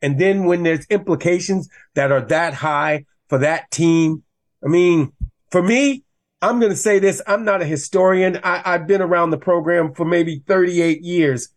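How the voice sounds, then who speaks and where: A man, a former college running back, talking football as a guest in a passionate, animated way that rises when he gets riled up. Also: sits high, measured pace. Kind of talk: casual sports talk.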